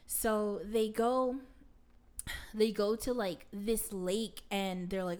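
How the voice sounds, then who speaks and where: A woman's voice: mid-range voice, steady tone, slow pace, a little mellow, clean tone. A young adult woman casually retelling a film to a friend, rambling with constant fillers and casual swearing. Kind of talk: casual chat.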